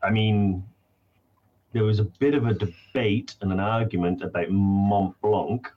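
Male co-host, lowish husky voice, laid-back, dry wit. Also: fairly even intonation, unhurried, phone-quality sound. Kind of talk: casual live chat.

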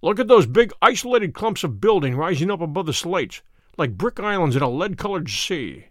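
A man reading a brilliant, self-assured detective for a storybook recording. The voice sits fairly high and moves through lively rises and falls, dry and close with no room around it. Each line comes measured and musing, with a light wry edge. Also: no echo. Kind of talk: audiobook character reading.

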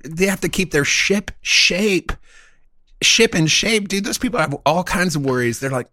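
A man with a Midwestern American accent tinged by Texas, co-hosting a podcast in casual comedic chat, animated, laughing and swearing. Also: a little high, normal speed, no room sound, studio quality. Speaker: podcast co-host.

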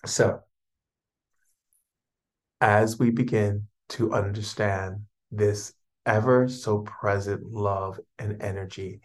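A man giving a spiritual talk as a teacher, speaking in flowing, repetitive, soothing phrases. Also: lowish voice.

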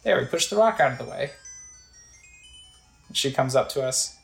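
A woman's voice: rumbling low, brisk, creaky, long pauses, roomy sound, faint music behind, poor audio. A woman casually playing a video game, chatting about what's on screen and reading text aloud. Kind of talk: casual let's play commentary.

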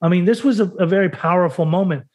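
A man's voice: sits high, quick pace, darkish tone. A man from the United States talking openly and emotionally as a podcast guest, swearing freely and acting out the dialogue as he tells his story. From United States (Salt Lake City). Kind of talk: candid personal storytelling in conversation.

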